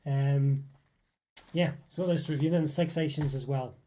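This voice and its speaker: A man's voice: medium pitch, fairly even intonation, normal speed, dark tone. A young man hosting a casual live stream, rambling and chatting with viewers, with lots of fillers and restarts. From northeast England. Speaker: livestream host reading chat.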